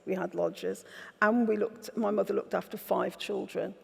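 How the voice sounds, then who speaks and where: A woman's voice: medium pitch, steady tone, moderate pace, creaky, darkish tone, husky. A woman, an author telling candid, wry stories in an onstage festival conversation. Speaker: author guest. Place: festival event stage. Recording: reverberant festival hall.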